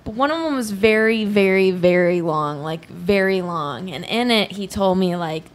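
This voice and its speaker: A woman's voice: medium pitch, lively intonation, normal speed. A woman comedian, a guest on a podcast, reading fan messages aloud and protesting the teasing. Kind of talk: casual podcast banter.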